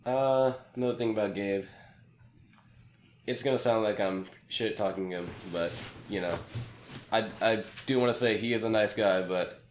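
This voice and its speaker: Low-voiced young man in an echoey room. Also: moderate pace, long pauses. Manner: rambling, filler-heavy, laughing. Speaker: podcast co-host. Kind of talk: casual podcast chat. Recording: echoey room with faint noise.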